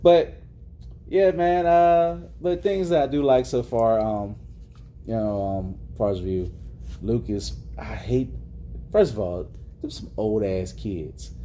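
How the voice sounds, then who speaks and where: Animated man with a mellow voice. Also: medium pitch, measured pace. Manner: animated, joking, swears freely. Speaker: podcast co-host. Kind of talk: casual chat.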